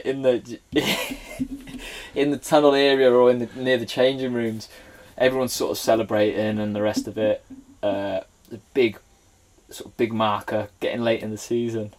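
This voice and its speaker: A Welsh man in his thirties, a podcast guest, telling animated stories in casual chat and laughing often. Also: mid-range voice, moderate pace. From Wales. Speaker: guest, former footballer.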